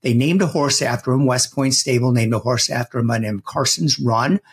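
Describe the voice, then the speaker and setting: A man's voice: medium pitch, a little fast. A man hosting a podcast, giving conversational introductions and asking interview questions. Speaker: podcast host, correspondent.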